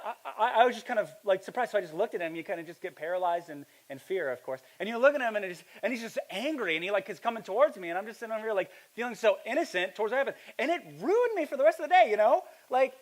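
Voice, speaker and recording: A young man preaching a sermon, telling a story in a casual, animated way and building to loud, emphatic preaching. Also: sits high, rapid-fire, few pauses. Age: young adult. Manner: casual, with fillers and slang. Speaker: pastor.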